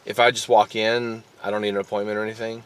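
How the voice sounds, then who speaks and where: A man's voice: on the low side, little pitch movement, fast, a little hiss or hum. A man with a Southern US accent, rambling through a casual vlog story and a phone call, often restarting and repeating words. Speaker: vlogger.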